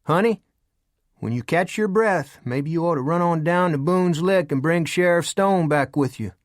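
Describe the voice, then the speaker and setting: Out of a dry, close audiobook read comes a calm, drawling older frontier uncle, as a male narrator puts him on, a touch higher than the reader's own voice. He talks in a plain rural way and never seems rattled. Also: moderate pace, no echo, lightly acted.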